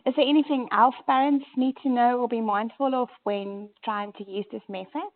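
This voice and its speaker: A woman's voice: on the high side, fairly even intonation, normal speed. A woman interviewer asking brief questions and agreeing with her guest. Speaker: interviewer and host. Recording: phone-like call audio.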